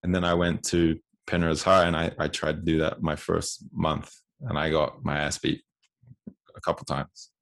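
A man in his twenties with a very low, gravelly voice tells his own stories in casual conversation. He speaks candidly and often repeats words as he finds his way. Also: level tone, normal speed, fairly bright tone. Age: 20s.

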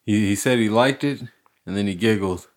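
Low-voiced man laughing through podcast chat. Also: normal speed. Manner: rambling, laughs a lot, swears. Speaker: podcast host. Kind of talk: casual chat.

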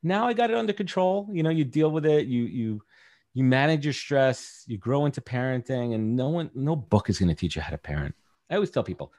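A man's voice: medium pitch, animated, fairly quick, darkish tone. A man in his thirties talking candidly as a podcast guest, rambling with lots of fillers. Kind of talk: casual podcast chat.

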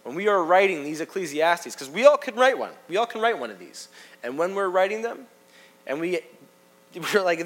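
A man delivers a sermon with a somewhat high-pitched voice. His talk is lively and conversational, and he addresses the listeners directly. He often moves from loud, emphatic lines to hushed asides. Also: normal speed. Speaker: pastor.

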